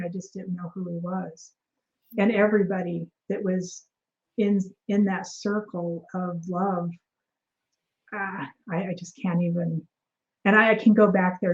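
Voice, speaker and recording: A woman guest in an interview, telling her story in a casual, animated way, acting out quoted dialogue with many fillers and restarts. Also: fairly low pitch, muffled recording.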